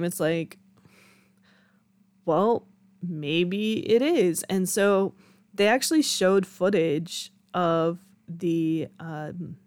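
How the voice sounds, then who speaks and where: A young woman with a slightly low voice talks through her solo podcast in a loose, candid way. She laughs easily and swears casually. The recording is close and dry, with no room sound. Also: darkish tone, dry recording. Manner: chatty and candid, swears freely, laughs often. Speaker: podcast host.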